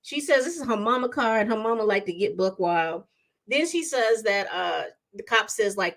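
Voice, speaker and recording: A woman's voice: medium pitch, normal speed. A woman casually recapping a TV episode, acting out the characters' lines as she tells it. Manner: animated storytelling, acts out quotes. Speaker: TV recap vlogger.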